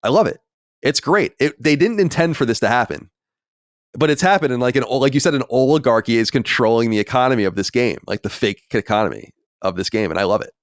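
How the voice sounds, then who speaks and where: A man hosting a podcast in casual chat, animated and swearing, with many restarts. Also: medium pitch, fast, no room sound, clean studio sound. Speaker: podcast host.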